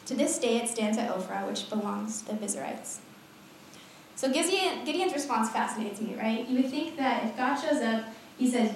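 Young woman, casual animated preacher, slightly high voice, recorded far off in a very echoey hall. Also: normal speed, a little hiss or hum. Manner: animated, laughing often, chatty asides. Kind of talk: casual sermon.

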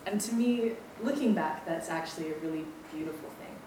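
A woman's voice: fairly low pitch, fairly quick. Young woman giving testimony in echoey room. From Maui, Hawaii. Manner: chatty, self-deprecating, many ums. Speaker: campus ministry staff speaker. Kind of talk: personal testimony talk. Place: lecture room. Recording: echoey room, distant mic, background noise.

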